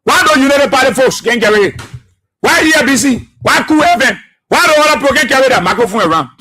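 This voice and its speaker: A man's voice: very high-pitched, lively intonation, fast, sharp tone, breathy edge. A man hosting a political radio talk show, impassioned and repetitive, firing rhetorical questions and laughing often.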